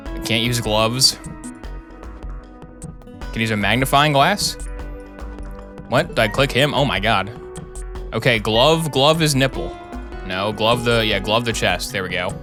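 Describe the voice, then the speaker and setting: A man's voice: on the low side, a little slow, long pauses, music in the background. A man streaming a video game live, reading the game text aloud with wry, joking asides. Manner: wry, joking asides between read-out passages.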